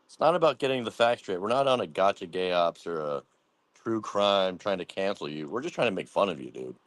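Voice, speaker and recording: A man with a lowish voice hosts a roast, riffing jokes and crude banter. His voice sounds close and dry, with little room sound. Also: animated, brisk, dry recording. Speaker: host. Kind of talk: casual comedic roast chat.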